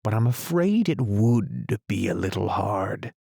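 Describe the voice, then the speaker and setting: A solemn, muddled knight forever musing over strange inventions, voiced by a man reading a storybook. He speaks gravely and thoughtfully in a low, gravelly voice, recorded close and dry. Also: sing-song, measured pace, dark tone, dry recording, exaggerated voice. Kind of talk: audiobook character voice.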